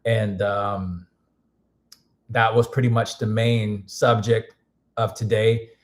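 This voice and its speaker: A man with a hoarse voice chatting casually on a live stream. He rambles loosely, doubling back and restarting his sentences as he goes. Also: on the low side, flat delivery, slow pace. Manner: rambling, frequent restarts and fillers. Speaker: music producer streaming.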